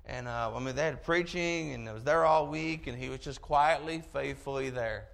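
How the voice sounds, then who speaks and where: A man preaching a sermon, telling a story in an animated way with chuckling asides. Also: mid-range voice, normal speed, gravelly.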